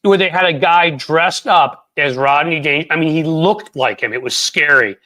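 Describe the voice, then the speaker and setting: Chatty podcast host guy, bright sharp voice, a bit high, rambly asides. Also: normal speed. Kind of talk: casual podcast interview.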